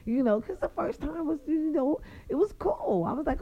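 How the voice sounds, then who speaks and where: A woman telling viewers a personal story in a casual, animated, profane way. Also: sits high, moderate pace, vocal fry, few pauses, slightly rough, muffled recording.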